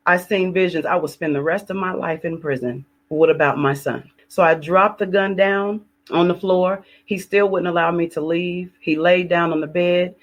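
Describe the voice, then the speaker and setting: A woman's voice: on the low side, fairly even intonation, normal speed, hardly any pauses. A woman relates a personal testimony with heavy emotion. She repeats phrases for weight and acts out her own pleas and prayers as she goes. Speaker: guest sharing her testimony.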